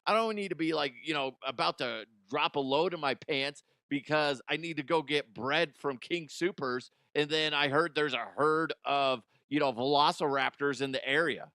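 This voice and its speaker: A man riffing through comedic news commentary in a slightly high voice, animated and joking. The sound is dry and close, with no room around it. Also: normal speed, few pauses, no echo. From Colorado, USA. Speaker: podcast host.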